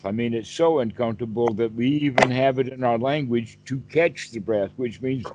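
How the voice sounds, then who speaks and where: Male dharma teacher on a video call, mid-pitched, explanatory, poses questions, dull lo-fi sound. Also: a little mellow. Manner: explanatory, asks rhetorical questions. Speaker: Buddhist teacher.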